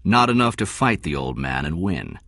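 A man's voice: low voice, very animated, normal speed, fairly bright tone, dry recording, full character voice. A man voicing a blunt, principled male shoe executive in his forties, speaking dryly and firmly in a read story. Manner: dry, firm, plain-spoken.

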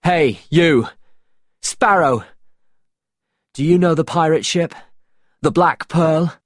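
A man's voice: fairly high pitch, fairly even intonation, measured pace, no room sound, studio quality, voice pushed up. A man reading aloud voices a desperate young blacksmith who speaks in a raised, pleading voice. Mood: urgent.

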